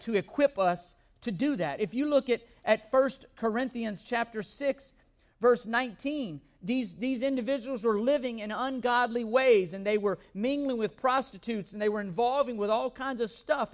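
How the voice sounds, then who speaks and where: A man preaching a sermon as pastor, emphatic, often repeating words and asking rhetorical questions. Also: very high voice.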